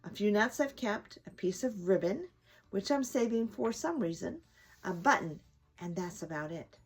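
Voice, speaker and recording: A woman's voice: mid-range voice, lively intonation, normal speed, slightly rough. Woman reading as a preachy talkative squirrel. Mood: wistful. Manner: lecturing, earnest. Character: chatty preachy male squirrel outside a window.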